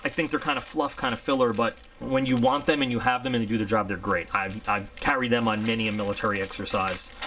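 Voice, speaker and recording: A man's voice: medium pitch, sharp tone, a little hiss or hum. A man giving a casual, rambling unboxing review, chatty and candid. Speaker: product reviewer.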